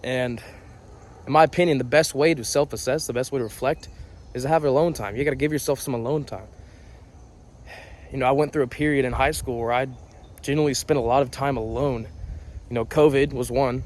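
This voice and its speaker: A man's voice: medium pitch, steady tone, fairly quick. Earnest young man talking outdoors. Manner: earnest, repeats and rephrases points. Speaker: vlogger. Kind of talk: casual motivational talk to camera. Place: outdoors on a property on a rainy day.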